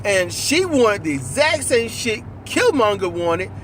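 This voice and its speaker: A man in casual, animated conversation about a movie, riffing with profanity and acting out lines while riding in a car. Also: high voice, measured pace, a little hiss or hum. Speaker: co-host.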